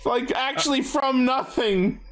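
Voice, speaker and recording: A man with a fairly high voice chats casually on a fan podcast. He talks with enthusiasm, often laughs, and retells scenes with plenty of swearing. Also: unhurried, a bit bright. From Canada. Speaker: podcast co-host.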